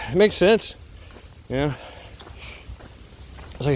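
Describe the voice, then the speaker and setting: A man's voice: on the high side, expressive, takes it slowly, pauses often, slight background noise. A man telling a casual story, rambling and swearing, with lots of fillers, restarts and frequent laughs. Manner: laughs often while telling.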